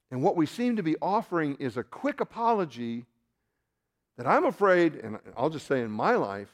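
A man preaching a sermon as pastor, shifting between loud emphatic rises and quiet asides, with self-deprecating remarks and restarts. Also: medium pitch.

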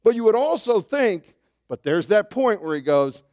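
A man preaching a sermon as pastor, animated, swinging between loud bursts and hushed asides, calling his listeners saints. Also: sits high, moderate pace. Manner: addresses listeners as saints, asks questions.

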